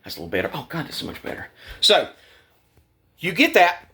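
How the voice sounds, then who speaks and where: A man's voice: a little high, huge pitch swings, fairly quick, pushed and bright. A man ranting to camera in a vlog. He talks heatedly, repeats words, restarts his sentences and swears. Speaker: vlogger. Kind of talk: agitated rant to camera.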